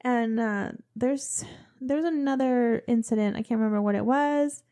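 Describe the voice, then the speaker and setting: A young woman co-hosting a podcast, chatting casually and then telling a true crime story, expressive with quick asides. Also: fairly high pitch. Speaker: podcast co-host.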